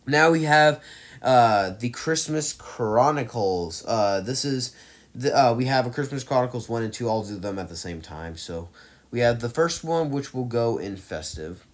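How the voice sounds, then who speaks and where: A man casually ranking movies on his own channel, rambling with lots of fillers and restarts, getting louder and softer as his enthusiasm rises and fades. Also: on the low side. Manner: enthusiastic, swings loud and soft. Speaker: movie reviewer ranking films. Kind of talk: casual rambling tier-list vlog.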